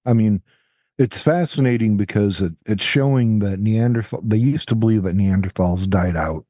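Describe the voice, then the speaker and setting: A man's voice: fairly low pitch, normal speed, warm tone, no echo. A man co-hosting a podcast in casual chat, teasing and wisecracking. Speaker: podcast co-host.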